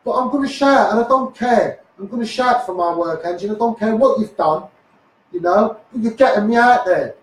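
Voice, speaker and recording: A man's voice: high-pitched, moderate pace. A man with a Scouse accent ranting on a live stream, swearing, stumbling over repeated words and tagging lines with "mate" and "you know". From Liverpool, England. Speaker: activist livestreamer. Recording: echoey room, voice far from the mic.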